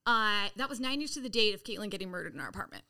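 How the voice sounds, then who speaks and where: A woman's voice: medium pitch, rapid-fire, clear, resonant tone. A woman guest on a podcast telling her story in casual, profane speech, acting out quoted lines. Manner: animated, profane, acts out quotes.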